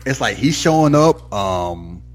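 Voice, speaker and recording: A man's voice: on the low side, measured pace, faint music behind. A man casually recapping a TV episode with a co-host, acting out characters' lines as he goes. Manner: animated, acts out characters' lines mid-story. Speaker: podcast co-host.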